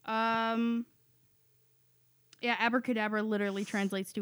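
A woman's voice: medium pitch, moderate pace, no room sound. Woman reading tarot, dry close sound. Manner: reads card text carefully, hesitant. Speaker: tarot card reader. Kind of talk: casual chat among friends.

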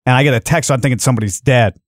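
A man's voice: mid-range voice, rapid-fire, no room sound, clean studio sound. A man co-hosting a radio show in casual chat, teasing and acting out quotes as he tells a story.

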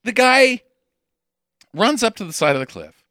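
A man recapping a film with a podcast co-host, his voice bright and lively and swinging up and down as he jokes. He is sarcastic and swears freely. The sound is close and dry. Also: sits high, a little slow, dry recording. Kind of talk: casual movie-recap chat.

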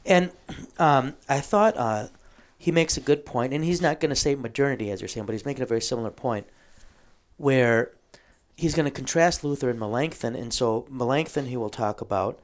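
A man of average pitch walks through a book in a casual theological conversation. He explains at length, pausing with ums and clearing his throat now and then.

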